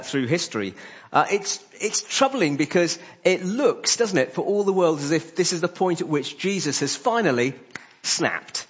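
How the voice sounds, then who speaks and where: A man preaching a sermon, pausing often with "uh" between phrases. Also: fairly high pitch, fairly bright tone, breathy edge, muffled recording. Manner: frequent "uh" fillers between phrases.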